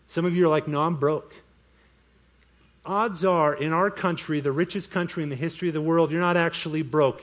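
A man preaching a sermon as pastor, breaking into voiced asides and mock inner monologues. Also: a little high.

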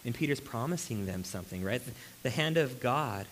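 A man's voice: medium pitch, lively intonation, a little fast, slight background noise, poor audio. A man preaching a sermon to a congregation in a room, talking animatedly, asking rhetorical questions and slipping into voices. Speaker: pastor.

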